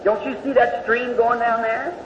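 A gentle, kind boss speaks softly and coaxingly, voiced by a male preacher telling a story. The voice is high and mild. It echoes in a large hall on a dull old tape. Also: little pitch movement, normal speed, slight background noise. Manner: soft, coaxing.

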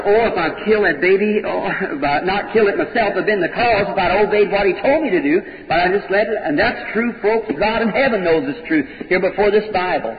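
A man preaching, telling a story in folksy sermon style and acting out people's words. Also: sits high. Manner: folksy storytelling, quotes people in changed voices. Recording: dull old recording, echoey hall, crowd.

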